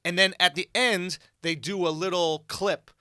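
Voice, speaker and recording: A man co-hosting a comedy podcast, talking in loud, excitable casual banter with plenty of swearing. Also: sits high, normal speed, clear, resonant tone, dry recording, studio quality. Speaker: podcast co-host.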